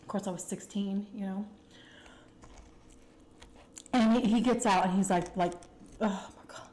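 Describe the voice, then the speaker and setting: A woman with a Texan accent telling a candid, chatty personal story to her viewers, full of fillers and animated retellings. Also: mid-range voice, measured pace, reverberant. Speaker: food vlogger telling a story. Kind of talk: casual storytime chat.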